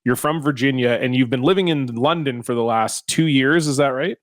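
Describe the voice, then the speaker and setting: A man hosting a comedy podcast, telling stories in a lively, exasperated way and swearing freely. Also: mid-range voice, fairly quick, no echo, studio quality. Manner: animated, exasperated storytelling with frequent swearing. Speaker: podcast host. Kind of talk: casual comedic podcast chat.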